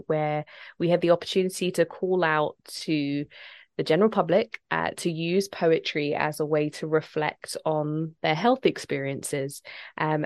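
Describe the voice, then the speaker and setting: A woman poet talking in a radio interview, articulate, with the odd "um". Her voice is low for a woman, and the recording is dry and close. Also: darkish tone, no room sound. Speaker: poet, guest.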